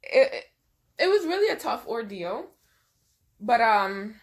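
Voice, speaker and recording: This storytime vlog features a young woman whose high, very animated voice moves slowly. Her tearful, emotional retelling includes acted-out quotes from the people involved.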